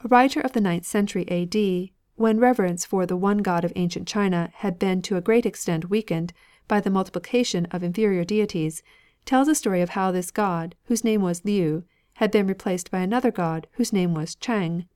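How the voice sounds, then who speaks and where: A woman narrating an audiobook, reading a nonfiction text in a steady, even way. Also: medium pitch, moderate pace, clean tone. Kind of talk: scripted narration.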